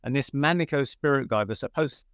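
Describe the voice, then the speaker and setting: A man's voice: medium pitch, brisk, smooth, dry recording, clean studio sound. Chatty man telling stories. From United Kingdom. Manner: animated, chatty, with fillers and self-corrections. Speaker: guest. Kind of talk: casual storytelling in an interview.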